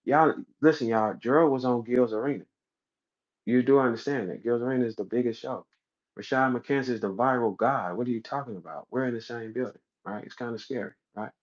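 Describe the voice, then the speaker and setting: A brash, swaggering man holds forth in an unscripted livestream rant, boastful and heavy with profanity. His voice sits at an ordinary middle pitch. The audio is a little dull and lo-fi. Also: brisk. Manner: boastful, brash, profane and heated, voice jumping high when he acts out scenes. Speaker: battle rap league owner.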